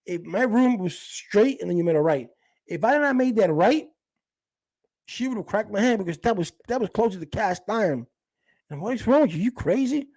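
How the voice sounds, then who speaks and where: Rambling high-voiced New man. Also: expressive, fairly quick, a little mellow, no echo. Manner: rambling, with frequent restarts and quoted dialogue. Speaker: storyteller recounting a past relationship. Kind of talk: casual personal storytelling.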